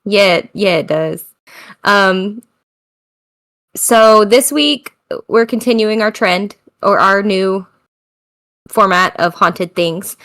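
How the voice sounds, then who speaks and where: A woman's voice: mid-range voice, takes it slowly, pauses often, a bit bright. American woman hosting a podcast, tired, rambly, laughs a lot, mid voice. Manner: chatty, laughs often, loose and self-mocking. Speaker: podcast host. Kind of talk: casual chat.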